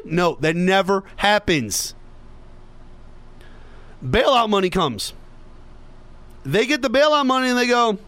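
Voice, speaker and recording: A man's voice: high voice, lively intonation, unhurried, long pauses, fairly bright tone. A man hosting a podcast, delivering an opinionated political monologue with sarcasm and mocking asides. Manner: sarcastic, mocking impressions of others. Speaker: podcast host.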